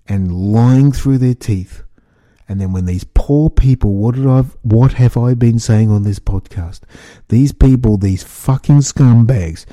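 A man rants on his own podcast, angry and stumbling over repeated words as he swears. His voice is low and very dark and mellow. The sound is dry and close, with no room in it. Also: no room sound. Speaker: podcast host. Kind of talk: ranting solo podcast.

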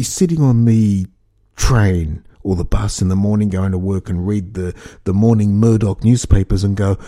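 A man's voice: on the low side, moderate pace, warm tone, dry recording, studio quality. A man hosting a solo podcast, ranting angrily with repeated restarts and swearing. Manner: angry, repetitive, swearing, stumbling restarts. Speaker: podcast host.

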